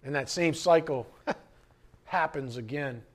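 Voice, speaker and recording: A man preaching a sermon as pastor, lively and conversational, asking the congregation questions. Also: on the high side, a little slow. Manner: animated preaching, acting out scripture quotes and asides.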